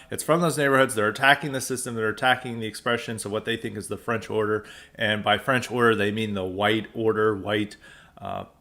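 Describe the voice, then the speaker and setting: A man's voice: medium pitch, fairly bright tone. An American man hosting a podcast, giving an emphatic, sarcastic political commentary monologue and often restarting his sentences. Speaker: podcast host.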